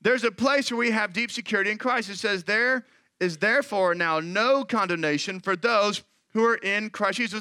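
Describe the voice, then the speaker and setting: A man preaching a sermon in a high, bright voice, animated and slipping into quoted voices. The sound is dry and close, with no room echo. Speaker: pastor.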